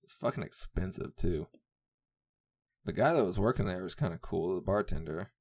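A man's voice: low voice, lively intonation, normal speed, darkish tone. A young man hosting a podcast, chatting casually on his own, rambling and swearing with frequent laughter. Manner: rambling, profane, laughs often. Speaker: podcast host. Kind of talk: casual solo podcast chat.

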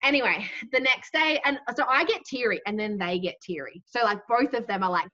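A woman's voice: fairly high pitch, expressive, a little fast, few pauses, pushed and bright, dull audio. A woman in her twenties with an Australian accent, telling a story in casual podcast chat, saying "like" constantly. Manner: chatty, heavy use of "like".

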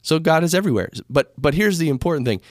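Fast-talking and animated, an American podcast host rambles about spirituality in a casual, self-correcting way. His voice is fairly high, and his studio microphone captures clean studio sound with no room sound.

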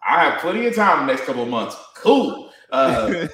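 A man talking casually as a podcast guest, animated and joking, plugging his shows and giving advice. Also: fairly high pitch, moderate pace, echoey room, poor audio. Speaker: podcast guest and wrestling columnist.

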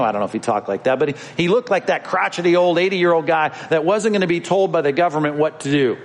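A man preaching a sermon in a church sanctuary, his voice sitting a little high. He talks conversationally and presses his points home, addressing the congregation directly. A long reverb trails each phrase through the room. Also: expressive, fast talker, hardly any pauses. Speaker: pastor.

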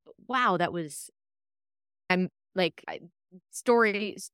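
Animated woman podcast host, low voice. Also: slow pace, smooth, no echo, studio quality. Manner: animated storyteller, acts out quoted dialogue. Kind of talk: casual chat.

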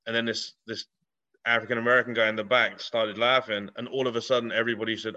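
Bright-toned blunt man, lo-fi sound. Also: medium pitch, little pitch movement, fast talker. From England. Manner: blunt, swearing, laughs often. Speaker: guest comedian. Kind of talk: casual podcast chat.

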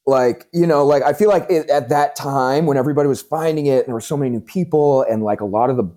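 Mellow-voiced man, casual podcast chat. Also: medium pitch, fast. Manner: animated storyteller, swears casually, lots of fillers.

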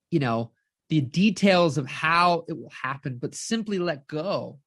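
A woman life coach giving an energetic live-streamed motivational talk, keeps checking in with her audience and acts out inner voices. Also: low voice, slightly rough, no room sound, studio quality.

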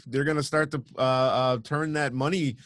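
Hey it's just a guy ranting on a podcast, dead dry mic, animated, doing little voices for people he talks about. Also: mid-range voice, normal speed, no echo. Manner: animated storyteller, mimics people mid-story. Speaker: podcast co-host. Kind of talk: casual ranting chat.

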